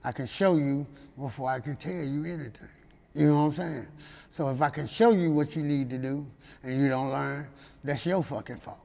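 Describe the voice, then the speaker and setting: A man's voice: a little high, moderate pace, vocal fry, a little mellow, long reverb tail. A man from Memphis with a Southern accent, telling stories in a loose, laughing way and often asking "you know what I'm saying". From Memphis, USA. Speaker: rapper guest. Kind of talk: casual interview storytelling.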